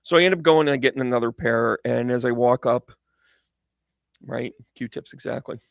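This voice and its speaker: Gravelly man telling a rambling story. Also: medium pitch, normal speed, no echo, studio quality. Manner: animated, tangent-prone, jokey. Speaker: psychic medium and host.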